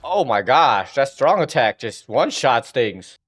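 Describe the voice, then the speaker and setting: A man streaming gameplay, reacting out loud with quick exclamations as he plays. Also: medium pitch. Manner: excitable, exclaiming at the game. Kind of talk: live gameplay commentary.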